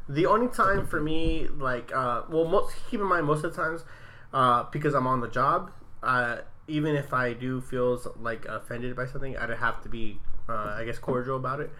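A man's voice: mid-range voice, moderate pace, bright, forceful tone. A man who works event security, chatting casually and telling stories, laughing often and acting out what people said. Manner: laughing storyteller, acts out quotes with swearing. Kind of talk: casual chat.

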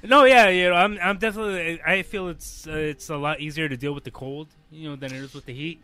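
A man's voice: a little high, fairly even intonation, quick pace, pushed and bright. A man co-hosting a podcast in casual chat, hesitant and fumbling for words.

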